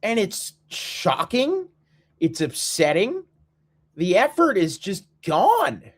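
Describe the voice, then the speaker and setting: A man's voice: high voice, wildly swooping pitch, slow. A man hosting a solo sports podcast, ranting in an exasperated, repetitive and emphatic way. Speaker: podcast host.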